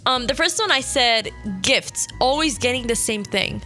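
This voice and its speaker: Young woman, radio host, slightly high voice, bright tone, rambling casual storytelling, sniffly, faint music behind. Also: animated, normal speed. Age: young adult. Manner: chatty, rambling, self-correcting, many "like"s.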